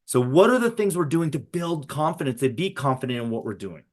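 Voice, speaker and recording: Middle-aged guy running a webinar for teachers on a video call, slightly high voice, chatty, keeps saying right?. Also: animated, brisk. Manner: conversational, often adds a checking "right?". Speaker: webinar presenter for educators. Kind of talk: live webinar presentation.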